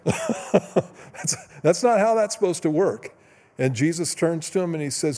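A man preaching a sermon as pastor, retelling stories in a casual, conversational way with quick asides. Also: a little high, animated, warm tone, long reverb tail. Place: church sanctuary.

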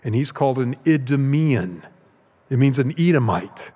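A man's voice: mid-range voice, expressive, moderate pace, mellow, husky. Man teaching the Bible in a reverberant hall. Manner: casual, checks in with "okay?" and "right?". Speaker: pastor. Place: church sanctuary.

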